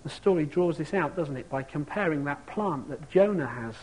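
A man with a fairly high voice preaches a sermon in a church. He talks in a reflective way and often asks his listeners rhetorical questions. A faint room ambience sits behind him. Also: expressive, moderate pace, darkish tone, slight background noise, poor audio.

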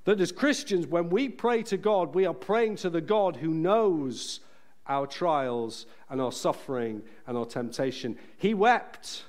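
A man preaching a sermon in a church, earnest and emphatic, slowing down to stress key phrases. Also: on the high side, lively intonation, a little mellow.

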